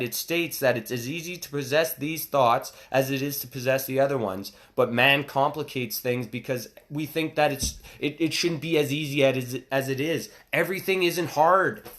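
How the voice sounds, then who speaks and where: A man in his thirties giving a casual motivational talk, with excited, emphatic exclamations. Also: on the high side. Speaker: motivational speaker.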